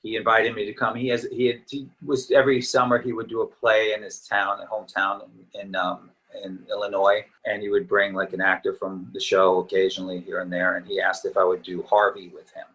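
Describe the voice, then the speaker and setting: Low-voiced middle-aged man, easygoing and tired. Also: flat delivery, fairly quick, hardly any pauses, pushed and bright, rough recording. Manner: easygoing, reminiscing, rambling. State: slightly tired voice. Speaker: actor guest. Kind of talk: casual interview chat.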